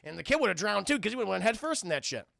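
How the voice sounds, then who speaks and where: A man's voice: high voice, very animated, quick pace, vocal fry, a bit bright, no room sound. A young man streaming a casual, profane film recap, rambling and often addressing his chat, on a close mic. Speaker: film reviewer streaming live.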